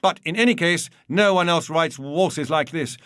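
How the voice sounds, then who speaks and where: A man reading a memoir aloud and voicing an effusive, pushy bogus Viennese gentleman. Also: moderate pace, no room sound, studio quality, close to an everyday voice. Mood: gushing. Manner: gushing, insistent, higher pitched. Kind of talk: audiobook reading.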